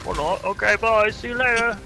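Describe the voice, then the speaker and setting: A man chatting while he streams a game, animated and joking, laughing often and slipping into silly voices. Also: high-pitched, a little fast, creaky, music in the background, rough recording. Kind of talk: casual gameplay chat.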